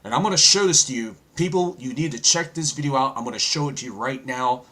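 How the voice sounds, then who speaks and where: A man's voice: medium pitch, quick pace, pushed and bright. A man hosting a live online prophecy show, preaching to viewers and calling them folks. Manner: preaching, addresses audience as folks. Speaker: host.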